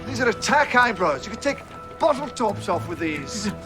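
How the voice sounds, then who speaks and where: A grumpy rambling alien hero, voice swoops high and low, score behind him. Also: male voice, very animated, moderate pace, over music. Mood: grumpy musing. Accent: Scottish. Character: newly changed eccentric male alien hero, middle-aged, cranky. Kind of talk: television drama acting. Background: dramatic score.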